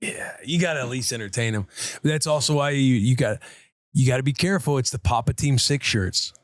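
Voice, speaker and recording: A man's voice: mid-range voice, a little fast, no room sound, clean studio sound. A man co-hosting a podcast, chatting casually and playfully, often putting on voices to mock. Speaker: podcast co-host. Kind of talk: casual chat.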